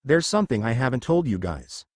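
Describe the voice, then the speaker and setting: A mischievous, knowing male spirit of the dimensions, voiced by a man reading aloud, his pitch lively and the sound dry. A storybook reading. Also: fairly quick, dry recording, close to an everyday voice.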